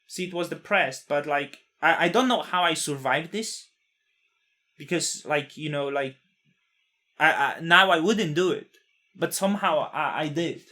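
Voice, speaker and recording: A man's voice: on the high side, unhurried, pushed and bright. A man in his thirties, not a native English speaker, telling a personal story in a candid, blunt way, with swearing and frequent restarts.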